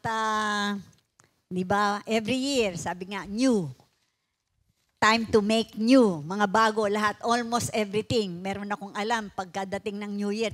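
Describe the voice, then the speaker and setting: Woman reading scripture at church. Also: mid-range voice. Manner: conversational, mixing Tagalog and English. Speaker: pastor's wife, co-preacher.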